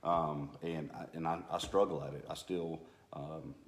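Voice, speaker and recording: Deep-voiced man, echoey room. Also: fairly even intonation. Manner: halting, self-deprecating, frequent restarts. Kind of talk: sermon-style couple talk.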